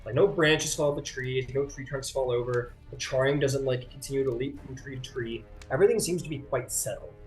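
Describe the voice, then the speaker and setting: A man's voice: medium pitch, fairly quick, hardly any pauses, soft background music. A man narrating a tabletop game as game master, casual and rambling. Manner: casual, rambling, many fillers.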